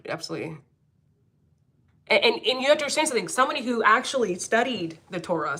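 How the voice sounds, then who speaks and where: Woman streamer from Philly, Philadelphia accent, bright forceful tone, blunt and swears freely. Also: fairly high pitch, husky. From Philadelphia, United States. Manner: blunt, profane, laughs often. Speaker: livestream host, angel medium. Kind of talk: casual livestream chat reading comments.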